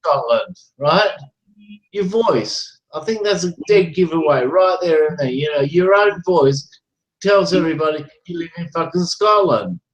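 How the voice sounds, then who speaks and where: A man's voice: a little high, animated, unhurried, slight background noise, rough recording. A man hosting a casual chat, ranting in a heated, profane, repetitive way while drinking beer.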